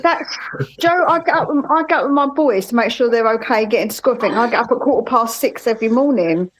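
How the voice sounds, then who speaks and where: A woman talks in a fairly high voice, blunt and emphatic in a casual livestream chat. She speaks as a parent with firm opinions. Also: quick pace, rough recording.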